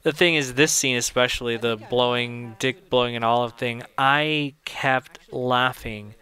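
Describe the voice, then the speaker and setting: A man's voice: medium pitch, fairly even intonation, a little slow, bright, forceful tone, clean tone, faint music behind. Chatty young man rambling through commentary. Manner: rambling, chatty, laughs at his own jokes. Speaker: filmmaker giving audio commentary. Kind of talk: casual audio commentary.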